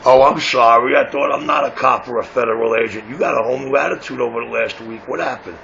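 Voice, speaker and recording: Speaking fast in a creaky, medium-pitched voice, this man runs a radio shop and uses CB radio to brag and mock his rivals with brash self-importance. Crowd noise can be heard, and the CB audio is muffled with a faint hiss.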